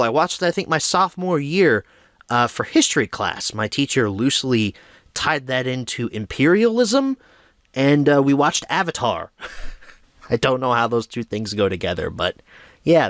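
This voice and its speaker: Brief: young male film review host, chatty and animated, dry sound. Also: mid-range voice, dry recording. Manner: chatty, self-deprecating, lively storytelling. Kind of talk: casual film review monologue.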